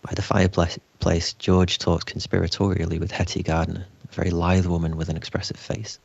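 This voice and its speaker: A man reading stage directions aloud at a live script read, steady and dry. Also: low voice, brisk, gravelly, no echo, dull audio. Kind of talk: script table read narration.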